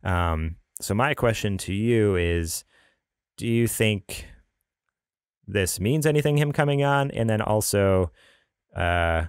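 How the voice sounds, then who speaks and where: A man's voice: fairly low pitch, slow pace, pauses often, clear, resonant tone, no echo, studio quality. A man hosting a casual gaming podcast, chatty and rambling, often laughing. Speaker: podcast host.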